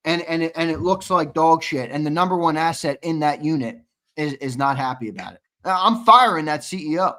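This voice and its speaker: A young man co-hosting a sports talk show, pushing his case in a casual back-and-forth. His voice sits a bit high, and he often restarts mid-sentence before landing on emphatic, forceful conclusions. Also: fairly quick. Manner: argumentative, restarts often, builds to emphatic punchlines.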